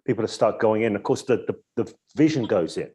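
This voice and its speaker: A man, a hypnosis coach, talking in a relaxed, reflective way in a podcast interview and explaining his methods with examples. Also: lowish voice, fairly quick, slightly rough. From Edinburgh, Scotland. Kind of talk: casual interview conversation.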